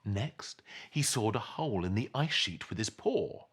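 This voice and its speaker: A man reading a children's picture book aloud, very animated, leaping into voiced sound effects. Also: a little slow, slightly rough. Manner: highly animated, with big swings into sound effects. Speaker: storybook reader.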